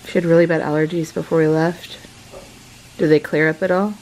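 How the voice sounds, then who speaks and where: A woman's voice: low voice, level tone, fairly quick, poor audio. A woman chatting casually in a vlog while waiting in a theme park queue, upbeat and rambling. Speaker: vlogger, mother. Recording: loud outdoor noise.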